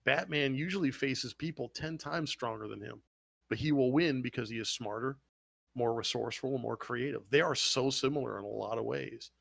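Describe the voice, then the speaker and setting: A man hosting a casual podcast chat, telling stories in an excitable, profane way. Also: medium pitch, normal speed, creaky, no room sound. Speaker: podcast host.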